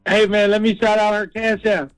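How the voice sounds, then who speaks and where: A man's voice: high voice, little pitch movement, normal speed, smooth, no room sound, faint music behind, rough recording. A man from Texas calling in to a radio show, speaking in a proud, easygoing way. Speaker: caller. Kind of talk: radio call-in.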